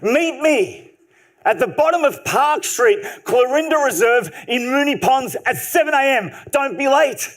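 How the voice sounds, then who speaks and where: Man playing burly old coach, slight Italian accent, barks orders, high and firm. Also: lively intonation, a little slow, fairly bright tone, heavily acted. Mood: commanding. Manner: curt and commanding.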